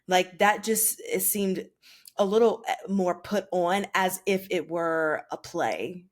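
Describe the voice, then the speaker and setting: Woman co-host, low-ish voice, very unhurried, measured and agreeable. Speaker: podcast co-host. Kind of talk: casual chat.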